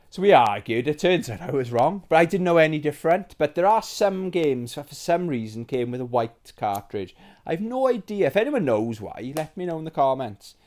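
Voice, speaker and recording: A British man in his forties hosting a nostalgic show-and-tell about old games, rambling and chatty with plenty of fillers, excitable and sentimental. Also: medium pitch. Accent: British English. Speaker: retro game collector host.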